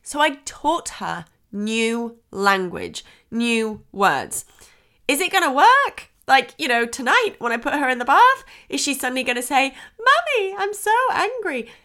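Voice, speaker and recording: A woman's voice: fairly high pitch, very animated, unhurried, sharp tone. A woman hosting a parenting podcast, talking earnestly and reassuringly, acting out what a parent or child might say. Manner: quotes child and parent voices in shifting tones. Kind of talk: podcast advice talk.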